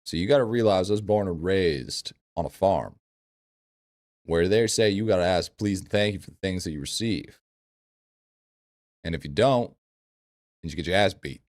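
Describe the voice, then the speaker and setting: Male game streamer, lowish voice, blunt and foul-mouthed, loops his phrases, dry close sound. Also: normal speed, long pauses, a little mellow, no room sound. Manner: blunt, profane, repeats phrases. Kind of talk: casual live-stream chat answering viewers.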